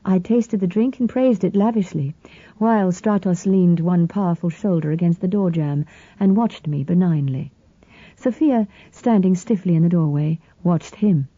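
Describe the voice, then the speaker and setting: A woman reads a novel aloud in the first person, her voice low and deeply mellow. Her delivery is even and measured. The recording is dry and slightly dull, with a lo-fi edge. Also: dry recording. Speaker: audiobook narrator. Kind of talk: scripted first-person narration.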